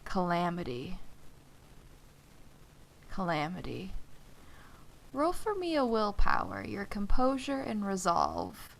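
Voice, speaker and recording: A woman game master narrating a tabletop horror game in a slow, deliberate storytelling manner with dramatic pauses. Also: medium pitch, huge pitch swings, gravelly, fairly bright tone.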